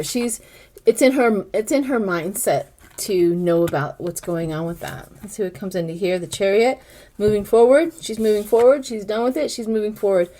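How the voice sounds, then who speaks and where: An older woman talks through a tarot spread in a relaxed, chatty way. She names each card and muses aloud about its meaning, speaking straight to her viewers at a middle pitch. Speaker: tarot reader. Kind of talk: casual tarot reading to camera.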